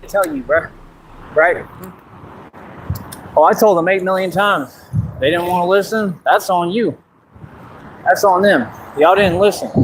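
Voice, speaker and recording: A man's voice: high-pitched, background noise. Boastful man ranting outdoors. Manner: boastful, combative, repeats himself. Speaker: streamer. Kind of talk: ranting monologue. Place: outdoors in the dark.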